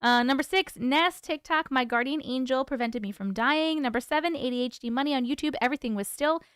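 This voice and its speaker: High-pitched woman chatting on a livestream, smooth clear voice, dry close mic, laughs a lot. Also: brisk, fairly bright tone, no room sound. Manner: chatty, laughs often, stumbles over words. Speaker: livestream host reading viewer stories. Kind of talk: casual livestream chat.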